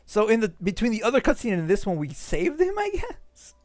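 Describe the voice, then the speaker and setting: A man streaming a game, casually reading cutscene dialogue aloud and tossing in quick asides. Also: high voice, wildly swooping pitch, darkish tone, dry recording, clean studio sound. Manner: reads cutscene lines aloud and reacts with quick asides and laughs.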